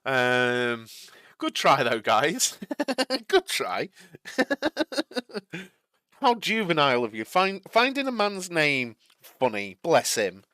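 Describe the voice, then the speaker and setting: A man's voice: mid-range voice, big pitch swings, takes it slowly, pushed and bright, clear, resonant tone, no room sound, studio quality. A young man hosting a live watch-along stream, chatting casually with viewers. He rambles and repeats himself, and he laughs easily.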